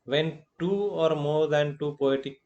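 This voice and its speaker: A male college lecturer with an Indian English accent gives a recorded lesson. He talks slowly and deliberately, repeats key terms, and often adds filler phrases. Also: on the high side, a little mellow, dull audio.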